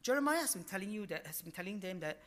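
Lively high-voiced male preacher. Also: fast. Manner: animated, emphatic preaching with rhetorical questions; ends phrases with particles like lah and no. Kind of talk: sermon.

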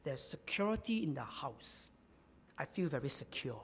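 A man's voice: mid-range voice, sing-song, moderate pace, creaky, husky, long reverb tail. A man preaching a sermon, repeating key phrases for emphasis.

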